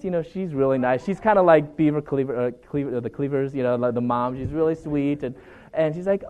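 Halting, earnest man sharing personal testimony. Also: fairly high pitch, a little mellow, clean tone. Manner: halting and conversational, with constant 'you know' and fillers; earnest, encouraging. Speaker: guest speaker. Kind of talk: personal testimony talk to students.

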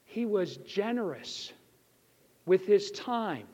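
A man's voice: high-pitched, animated, takes it slowly, a little mellow. A man giving a chapel sermon, telling a personal story and putting earnest questions to his listeners. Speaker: chapel speaker. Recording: echoey hall, slightly dull.

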